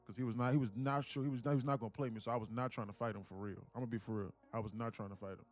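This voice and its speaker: A man's voice: medium pitch, racing. A man in his late twenties telling a story in a casual, profane, slangy way to a live stream chat. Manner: profane, slangy, animated retelling. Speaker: live-streaming day trader.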